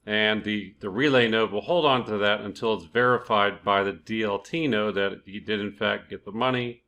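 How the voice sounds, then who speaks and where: A man with a slightly low voice hosts his own cryptocurrency video channel. He talks in a relaxed, chatty way, dropping in "uh" and "um" and correcting himself as he goes, and mixes loose explanation with passages read from a page. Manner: relaxed, conversational, with filler "uh" and "um" and self-corrections. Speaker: crypto YouTube channel host. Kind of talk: casual explainer, reading from a project page.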